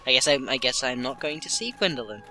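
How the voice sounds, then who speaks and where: Bright-voiced wisecracking man. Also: mid-range voice, expressive, fast, slight background noise. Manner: wisecracking, dry quips. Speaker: co-commentator. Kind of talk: gaming commentary banter.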